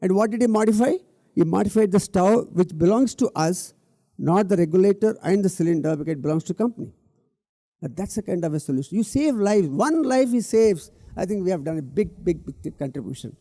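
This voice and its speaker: A man's voice: high-pitched, animated, brisk, warm tone, no echo. A middle-aged man, giving an earnest public talk on stage, repeating key words for emphasis and speaking directly to the audience. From India.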